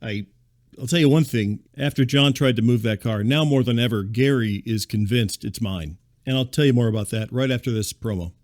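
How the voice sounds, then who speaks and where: Deadpan rambling man with a dry voice. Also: medium pitch, a little fast, no room sound. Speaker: podcast host and narrator. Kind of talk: comedic monologue.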